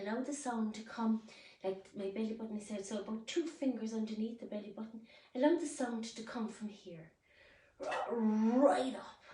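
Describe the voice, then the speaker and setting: A woman leading a guided movement class, speaking gently and soothingly, with sudden loud playful roars. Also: a little high. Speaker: movement and wellbeing instructor. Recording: roomy echo, voice from some distance.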